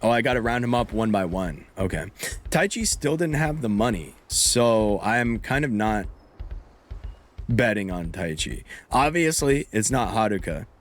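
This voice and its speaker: A man's voice: on the low side, measured pace. A man streaming a game live, joking and commenting casually. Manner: joking, laughing, animated.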